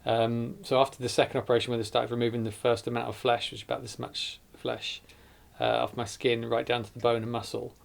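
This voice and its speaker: A man's voice: medium pitch, little pitch movement, brisk, gravelly, few pauses. A man, earnestly recounting his hospital ordeal in a documentary interview, often correcting himself as he goes. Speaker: survivor telling his story.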